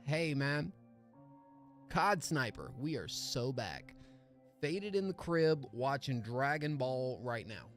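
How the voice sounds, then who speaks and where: A man's voice: medium pitch, big pitch swings, slow pace, fairly bright tone. A man hosting a music feedback livestream, greeting chat in upbeat, slangy casual talk. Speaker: music review livestream host.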